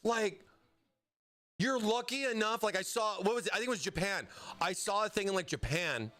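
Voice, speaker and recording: A man's voice: high-pitched, lively intonation, normal speed, sharp tone. An American man hosting a casual live stream, chatting with viewers while he builds a PC, often breaking off mid-sentence to answer chat. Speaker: livestream host building a PC.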